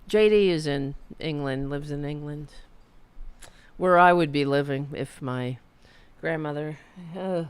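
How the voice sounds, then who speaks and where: A woman's voice: deep voice, measured pace, clean tone, no room sound. A middle-aged woman hosting a live political stream, ranting in a heated, profane, rambling way with frequent restarts. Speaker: political commentary host.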